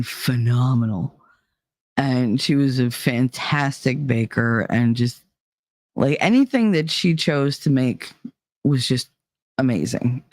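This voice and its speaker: Chatting casually at home in a room with a heater, a thirtysomething woman runs her channel in a bass voice with a darkish tone. She's blunt and profane, laughs frequently, and the recording has no room sound.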